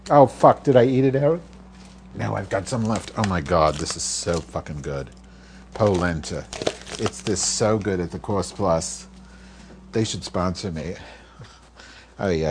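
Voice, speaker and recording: A man in his fifties talks to himself and his listeners while cooking in his kitchen, his voice sitting a little low. He rambles from one thing to the next, swears freely and mutters asides under his breath. Faint background noise sits under the recording. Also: darkish tone. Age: 50s. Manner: profane, rambling, easily sidetracked, muttering asides. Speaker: podcast host. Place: home kitchen.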